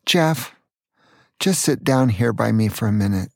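Mother of a small boy, strict yet loving, read by an older man, gravelly, close dry sound. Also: lowish voice, animated, unhurried, no echo, voice pushed down, full character voice. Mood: tender. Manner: stern then apologetic.

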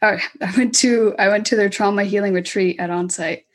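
A young woman in her twenties tells her own story as an interview guest. She talks candidly and haltingly, with many fillers and restarts, at an ordinary middle pitch. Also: fairly even intonation. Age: 20s.

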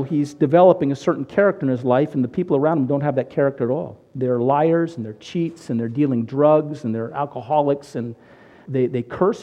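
A man preaching a sermon on radio, telling a story with lively acted-out quotes. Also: mid-range voice, lo-fi sound. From United States. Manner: animated storyteller, acts out quotes. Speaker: pastor. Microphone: radio broadcast recording.

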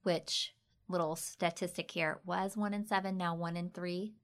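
A woman who is a mother, co-hosting a podcast in a chatty way and chiming in with quick agreements and questions. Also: on the low side, fairly even intonation, smooth. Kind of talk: casual podcast chat.

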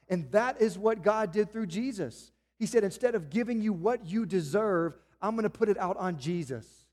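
A man preaching in a church, his voice pitched high for a man. He builds his points through earnest, emphatic rhetorical questions. The sound carries a long reverb, as from a large sanctuary. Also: a little mellow. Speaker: pastor. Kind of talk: sermon.

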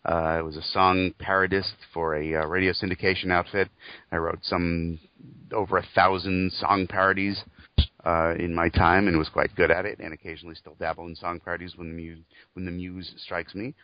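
A man's voice: low-pitched, level tone, normal speed, no echo, dull audio. A man, a voice actor and comedy writer, answering interview questions in a wry, joking way.

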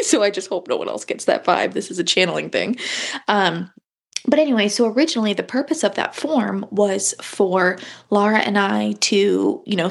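A young woman hosts a casual spiritual podcast, talking to her listeners in an animated, chatty monologue. Her voice is husky with a gravelly edge, and now and then she breaks off to yawn. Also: mid-range voice. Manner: animated, chatty, frequent yawns and gasps. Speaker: podcast host.

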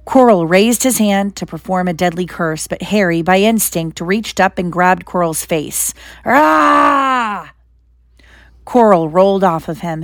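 A woman narrating a storybook aloud in an expressive storytelling manner. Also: fairly low pitch, dry recording, studio quality. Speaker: reader. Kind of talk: audiobook narration.

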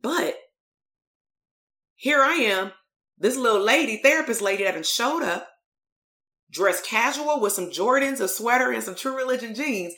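A woman from Compton tells a story as a therapist. Her delivery is animated and casual, full of slang and fillers, and her pitch swings up and down. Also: moderate pace, pauses often. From Compton, California. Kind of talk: storytelling talk.

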